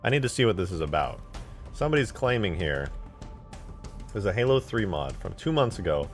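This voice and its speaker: A man live-streaming, chatting casually and excitedly with his viewers while eating and reacting to videos. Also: deep voice, a little fast, soft background music. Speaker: livestreamer reacting to game mod videos.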